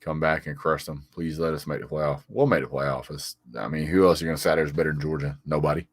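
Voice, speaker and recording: A man's voice: extremely low pitch, steady tone, quick pace, husky, no echo, studio quality. A man doing a casual live stream, reading viewers' comments aloud and answering them with frequent "sir"s, little chuckles and stammered repeats. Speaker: sports vlogger reading live chat.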